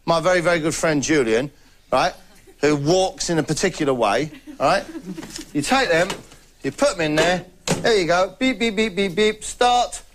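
Rambling British comedy host, fairly high voice. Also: male voice. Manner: rambling, chatty, laughs between bits. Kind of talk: deadpan stand-up monologue to camera. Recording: clear background noise.

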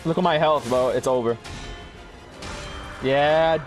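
A young man giving live gameplay commentary to his chat, excitable and swearing, often yelling at the game. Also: fairly high pitch, takes it slowly, faint music behind. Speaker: gaming streamer.

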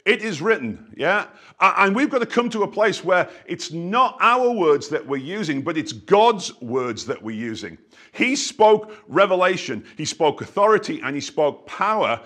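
A man delivers a sermon as the church's pastor, in a voice pitched a little higher than most men. He preaches with emphasis, punctuating his phrases with frequent "yeah" asides. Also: a bit bright.

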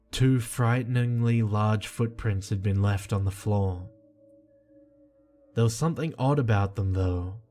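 A man reading a creepy first-person horror story in a slow, hushed and tense way. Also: fairly low pitch. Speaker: narrator. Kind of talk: scripted horror narration. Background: soft music.

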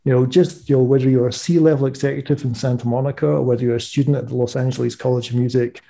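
A man with a Scottish accent, a guest telling stories in a lively, witty way during a casual podcast interview. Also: medium pitch, fast, gravelly. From Scotland. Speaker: guest, music economist and author.

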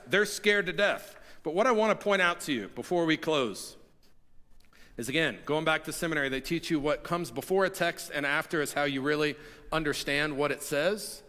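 A man's voice: on the high side, sharp tone. A man preaching an Easter sermon as pastor, telling stories in a conversational way with frequent restarts. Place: church sanctuary. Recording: long hall reverb.

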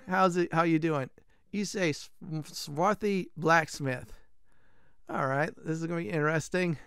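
A man's voice: on the high side, unhurried, vocal fry, a bit bright, clear, resonant tone, dry recording, studio quality. A man hosting a let's play, chatting casually with fillers while exploring a game. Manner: casual, rambling, many fillers. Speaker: gaming channel host.

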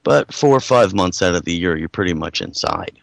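A man from New York, working as a radio producer, talking casually in a rambling, halting way with lots of filler. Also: deep voice, animated, creaky, dry recording. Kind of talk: casual live radio chat.

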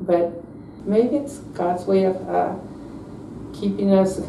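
Gravelly older woman reminiscing, roomy distant sound. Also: mid-range voice, warm tone. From South Texas. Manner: slow, reflective remembering. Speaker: interviewee. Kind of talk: oral history recollection. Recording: roomy, distant mic with faint noise.

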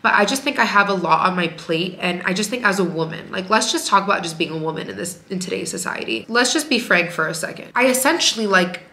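A woman's voice: fairly low pitch, expressive, quick pace, few pauses, pushed and bright. A woman talking frankly to camera as a working-mom vlogger, in a chatty way that leans on "like" a lot. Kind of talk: candid casual vlog talk. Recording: echoey room.

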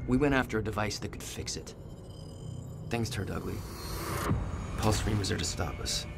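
An actor playing a video game protagonist, speaking in a measured, grim narration. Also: male voice, fairly low pitch, vocal fry. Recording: game audio with music underneath.

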